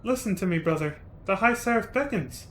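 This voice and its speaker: A man's voice: sits high, animated, a little fast, a bit bright, slight background noise. A man reading the lines of a frail young woman from a game, earnest and solemn. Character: frail young woman, sister, eerie and yearning. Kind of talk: reading game dialogue aloud.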